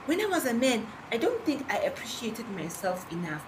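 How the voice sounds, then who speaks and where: A woman with a South African accent playing a proud, nostalgic young man turned into a dog, talking lively with township slang. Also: fairly high pitch, moderate pace, noisy background. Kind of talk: audio drama acting.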